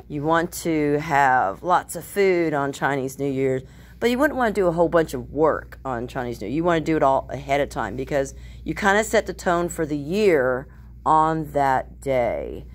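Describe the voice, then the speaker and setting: A woman's voice: low voice, slight background noise. A woman teacher giving a casual video lesson from her home kitchen, chatty and loose, with fillers and asides.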